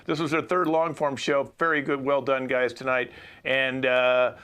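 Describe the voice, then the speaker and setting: A man's voice: medium pitch, level tone, moderate pace, fairly bright tone, smooth. A male host cheerfully wrapping up an online improv show over a video call. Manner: upbeat, casual. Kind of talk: show wrap-up. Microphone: home video call.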